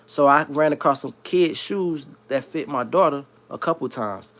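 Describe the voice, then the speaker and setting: A man from South Florida who hosts a livestream, telling a long story in a slangy, rambling, animated way. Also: on the high side, moderate pace. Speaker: livestream host. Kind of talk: casual storytelling.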